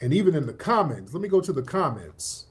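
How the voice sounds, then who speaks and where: A man hosting a livestream and commenting emphatically on social media posts, often pausing to scroll. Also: on the high side, sing-song. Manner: emphatic, often stops with "hold on" while scrolling. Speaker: livestream host.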